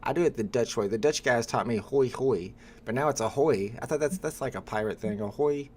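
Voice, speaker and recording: A man hosting a live stream, chatting casually with viewers and pausing often with "uh" as he talks. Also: mid-range voice, slight background noise. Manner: relaxed, chatty, with frequent "uh" pauses.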